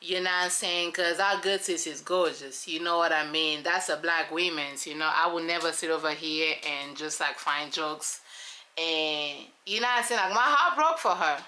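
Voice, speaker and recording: A woman giving sassy, animated commentary on a reality show, talking straight to her viewers. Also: sits low, normal speed. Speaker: show reviewer.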